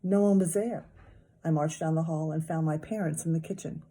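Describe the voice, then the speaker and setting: Female teacher narrating a kids' book, expressive, low and breathy. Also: fairly quick. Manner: lively, expressive storytelling. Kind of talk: reading a children's novel aloud.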